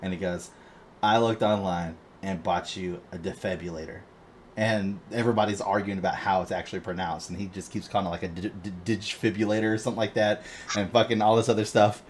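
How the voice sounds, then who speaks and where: A man co-hosting a podcast in casual chat, retelling a story in an animated way, swearing constantly and laughing often. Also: on the low side, a little hiss or hum. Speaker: podcast co-host.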